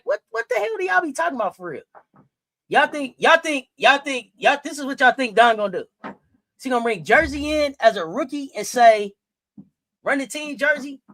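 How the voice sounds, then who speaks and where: A woman with a high-sitting, somewhat bright voice, recorded dry, hosts a sports talk stream. Her rant is heated and full of profanity and repeated phrases, and she speaks directly to her viewers throughout.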